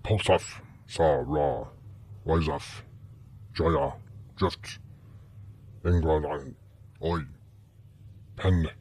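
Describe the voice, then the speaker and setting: A man voicing an alien's recorded message, chanting slow nonsense words. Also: extremely low pitch, a little mellow, husky, heavily acted. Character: alien voice singing a looping message.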